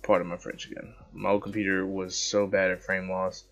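A man casually commentating over his own gameplay footage, rambling, excitable and poking fun at himself. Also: sits low, a little fast. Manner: rambling, excitable, self-mocking. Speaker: gaming channel host. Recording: dull lo-fi with background music.

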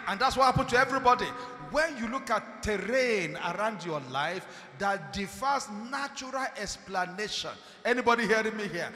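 A man preaching a dramatic sermon, swinging from shouts to hushed tones and calling out to the congregation. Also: high voice, moderate pace, few pauses. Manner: calls out to the congregation. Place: church hall. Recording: echoey church hall.

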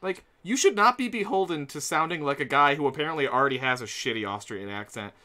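A man's voice: a little high, animated, fast talker, bright, forceful tone. A man hosting a casual podcast chat, playful and teasing, laughing often. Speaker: podcast host.

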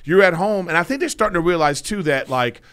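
A man's voice: on the high side, animated, fast, a bit bright, clean tone. A man co-hosting a comedy podcast, rambling and emphatic, swearing freely as he makes his point. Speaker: podcast co-host. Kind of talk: casual comedy podcast banter.

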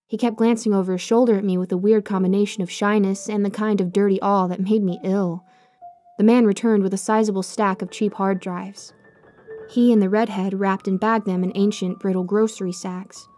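Mellow-voiced woman narrating a horror story. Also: medium pitch.

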